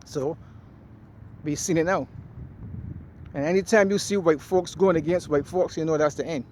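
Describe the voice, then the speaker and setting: A man's voice: a little high, moderate pace, a little mellow, a little hiss or hum. A man vlogging as he walks outdoors in a park, talking in a blunt, emphatic, preachy way. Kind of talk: casual walking monologue.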